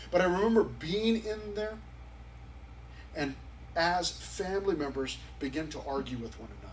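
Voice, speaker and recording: High-voiced man preaching, mic far off. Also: fairly bright tone, a little hiss or hum. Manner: conversational and emphatic, acting out quotes. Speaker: pastor. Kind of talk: sermon. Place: church youth service.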